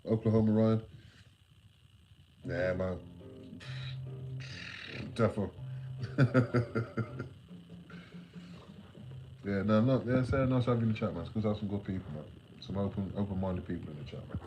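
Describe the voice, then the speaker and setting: A man's voice: lowish voice, noisy background. A man chatting on a late-night livestream, sleepy and yawning, rambling in laid-back slang and swearing freely.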